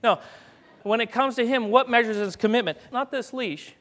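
A man's voice: very high voice, normal speed, fairly bright tone, long reverb tail. A man giving a chatty, folksy sermon and calling commands to a dog as he speaks. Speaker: guest preacher. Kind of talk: conversational sermon with live dog demonstration. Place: church sanctuary.

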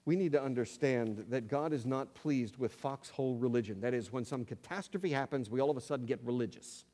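Male pastor, sermon delivery, animated storyteller, dynamic loud-soft shifts, reverberant church sound. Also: medium pitch, brisk. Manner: animated storytelling, swings between loud emphasis and quiet asides. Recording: long hall reverb.

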